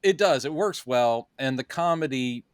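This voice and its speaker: A man co-hosting a podcast, casually breaking down a movie in an animated way. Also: mid-range voice, normal speed, clean tone, no room sound, studio quality. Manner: animated, acts out quoted lines in silly voices. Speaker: podcast co-host.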